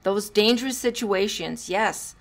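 A woman hosting a solo podcast and talking through parenting advice. She is a former teacher, and she moves between hushed asides and bursts of laughter. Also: medium pitch, unhurried. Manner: animated, drops to hushed tones and laughs while telling stories. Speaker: podcast host.

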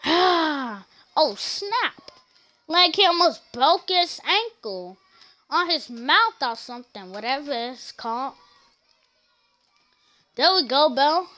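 A woman's voice: high-pitched, slow. A woman streaming a game, chatting casually and telling rambling stories as she plays. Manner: rambling, animated storytelling. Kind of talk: casual gameplay commentary.

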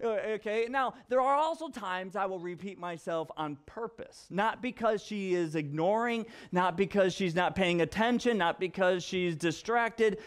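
A man who is a young father and pastor, giving a conversational sermon full of personal stories and animated repetition. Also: high-pitched. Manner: animated storyteller, repeats himself for effect.

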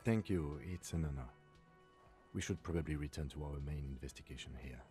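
An actor voicing a reserved male police lieutenant with a calm, dry, understated manner. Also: rumbling low, brisk, faint music behind. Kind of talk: video game voice acting.

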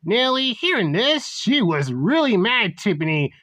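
A woman's voice: mid-range voice, very animated, normal speed, a bit bright, no echo. A woman narrating a homemade school story in a plain, unpolished way.

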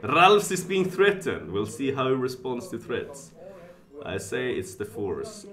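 A man commentating his own live stream. He thinks out loud, reads chat messages and jumps from mutters to shouts of excitement. His pitch swings widely and lively. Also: measured pace. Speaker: casino streamer.

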